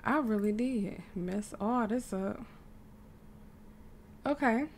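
A woman's voice: on the high side, slow, slight background noise. Chatty woman narrating her game. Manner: animated, chatty, laughs often. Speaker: gaming YouTuber. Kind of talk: casual gameplay commentary.

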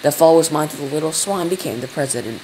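A man's voice: on the high side, lively intonation, fast, a little mellow, a little hiss or hum, poor audio. Guy doing a bossy old nanny lady, sing-song storybook rhymes, scolding. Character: old bossy female nanny, vice president.

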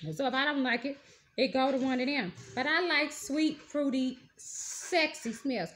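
A woman's voice: high voice, normal speed, fairly bright tone, slight background noise. A woman, gushing through a casual perfume haul review with folksy slang. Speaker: beauty vlogger.

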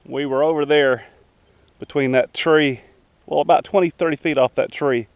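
A man's voice: a little high, steady tone, moderate pace, clear, resonant tone. A man vlogging outdoors by a lake, chatting casually and talking to his dogs in baby talk. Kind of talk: casual vlog narration.

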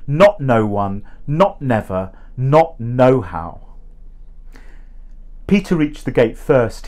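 A man reading a short story aloud in a measured, expressive way. He takes his time, with a very slow pace, and his voice sits in an ordinary middle pitch.

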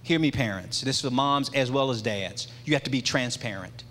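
A man's voice: medium pitch, normal speed, fairly bright tone, a little hiss or hum. Impassioned man preaching in a reverberant church. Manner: impassioned, repetitive preaching cadence. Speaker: men's ministry leader. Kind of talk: church testimony sermon. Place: large church sanctuary. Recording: long hall reverb.

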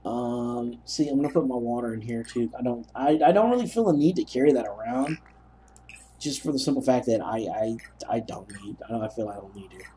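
A man's voice: mid-range voice, fairly quick, dark tone, slight background noise. A young man narrating a gameplay session, telling rambling, self-mocking stories as he plays. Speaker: gaming commentator. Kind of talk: let's play commentary.

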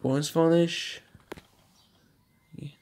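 A man at home casually showing off his DVD collection, reading out running times in a halting, stumbling way. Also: a little high, fairly even intonation. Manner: shouts at noisy kids, then apologizes. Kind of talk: casual home video show-and-tell. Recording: faint background noise.

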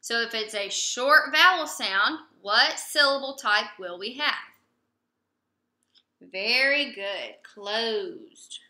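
In an echoey room, a young woman teaches young pupils a phonics lesson at an unhurried pace, prompting them, pausing for their answers and praising them patiently. Her voice is fairly high and very bright.

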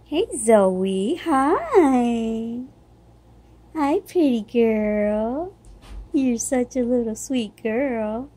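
Middle-aged woman cooing baby talk into a phone at home, high and very animated. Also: very slow, husky. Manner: sing-song, cooing, playful. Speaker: vlogger. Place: home, indoors.

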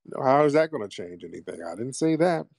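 A man's voice: medium pitch, big pitch swings, quick pace, vocal fry, darkish tone, dry recording, studio quality. A man hosting a call-in radio show, questioning a caller in a teasing, mocking way.

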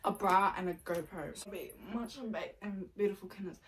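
A woman's voice: medium pitch, brisk, distant mic. A young woman, teasing and bantering playfully in a casual vlog. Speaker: vlogger. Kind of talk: casual chat. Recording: noisy background.

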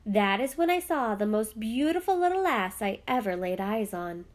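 Woman doing a storybook dad, lilting and fond, voice pitched fairly high. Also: sing-song, normal speed. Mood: storytelling. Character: warm old-world Irish father telling a story.

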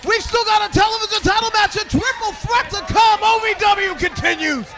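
A man calling a wrestling show, shouting his excited play-by-play in an arena. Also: extremely high pitch, brisk, creaky. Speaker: play-by-play commentator. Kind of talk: wrestling commentary. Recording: loud crowd noise behind.

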